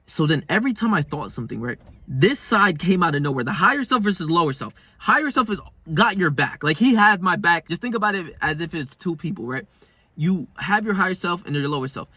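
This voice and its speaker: A man's voice: high voice, big pitch swings, fairly quick, bright, forceful tone, slightly rough, dry recording. A man in his twenties talking casually in a vlog, rambling in slang with plenty of swearing. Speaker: self-help vlogger.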